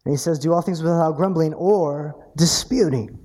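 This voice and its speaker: A man preaching a sermon, animated and earnest, often stammering over repeated words as he builds emphasis. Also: a little high, moderate pace. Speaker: pastor.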